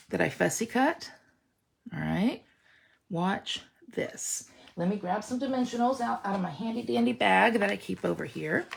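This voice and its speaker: A woman's voice: medium pitch, vocal fry, fairly bright tone. A woman leading an online stamping class in a casual, chatty way, talking directly to viewers and reassuring them as she works. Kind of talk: casual craft demonstration.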